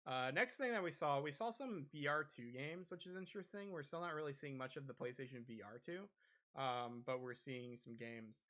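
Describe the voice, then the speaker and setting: This gaming podcast co-host is a man with a sharp, medium-pitched voice who talks at a normal speed. His casual chatter wanders, full of filler words and false starts.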